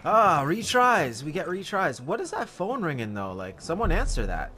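A chatty man talking over his own gameplay, his pitch leaping around as he jokes and yelps at the game. He rambles to himself and cheers his small wins. Game music plays clearly behind him. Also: normal speed. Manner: chatty, jokey, talks to himself and the dog, excitable outbursts. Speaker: gaming video host. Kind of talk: casual gameplay commentary.

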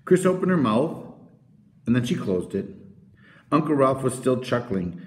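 A man reading a children's novel aloud as narrator, with expressive storytelling. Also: medium pitch, a little slow, pauses often. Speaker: audiobook narrator. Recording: roomy echo.

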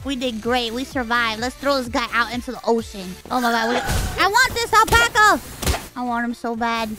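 A woman streamer giving excitable live commentary on a game she is playing, squealing, swearing and cooing cutely at creatures. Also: a little high, moderate pace. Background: game music.

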